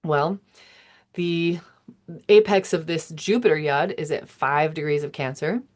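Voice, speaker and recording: Woman astrologer in her thirties, slightly low voice, casual wandering monologue that interrupts itself and chuckles. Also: measured pace, darkish tone. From United States. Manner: meandering, self-interrupting, chuckling.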